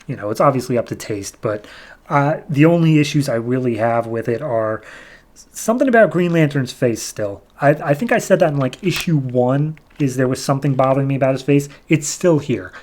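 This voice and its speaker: Guy on a comics podcast, chatty recap, rambles a bit, middle-pitched voice. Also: darkish tone. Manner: rambling, retells scenes with quick quoted character voices. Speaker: podcast host. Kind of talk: casual comic book recap.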